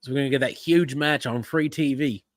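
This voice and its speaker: A man's voice: mid-range voice, fairly even intonation, fairly quick, no echo. A man hosting a casual wrestling-watch live stream, rambling with frequent restarts and easy chuckles. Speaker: podcast host.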